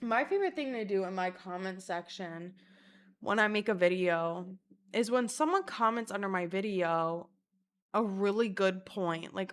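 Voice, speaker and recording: Young woman, casual vlogger, swears freely, animated storyteller, talking to her phone camera at home. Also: medium pitch, moderate pace. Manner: profane, animated storytelling with acted-out quotes. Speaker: content creator. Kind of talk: casual vlog chat.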